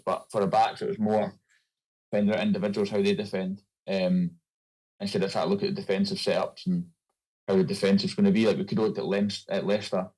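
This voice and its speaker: A man's voice: low-pitched, darkish tone, low-quality recording. A young Scottish man, a rugby player, chatting loosely as a guest with many fillers. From Scotland. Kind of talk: casual interview chat.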